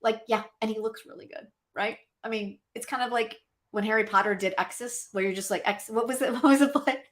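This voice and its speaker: In a slightly high voice at a fairly quick pace, a woman co-hosts a live chat stream. She chats casually and animatedly with her co-hosts and addresses viewers directly.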